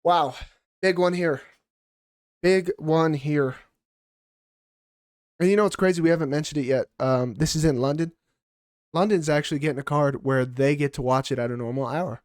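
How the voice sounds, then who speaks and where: A man with a somewhat high voice trades fight picks on a casual podcast. He is blunt and heated and swears freely. The sound is dry and close, with no room echo. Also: fast talker. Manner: blunt, profane, heated opinions. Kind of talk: casual sports chat.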